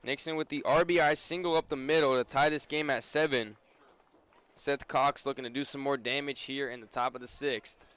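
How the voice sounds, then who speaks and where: Young male play-by-play voice, mid-range and smooth, brisk radio baseball calls. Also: medium pitch, fairly even intonation, fairly bright tone. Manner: brisk play-by-play that rises on big plays. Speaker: play-by-play announcer.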